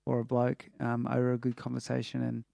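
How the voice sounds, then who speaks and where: A man's voice: medium pitch, completely flat delivery, a little fast, vocal fry, dark tone, no echo, highs cut off. A man hosting a casual interview show, chatty and full of "you know" fillers. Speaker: podcast host.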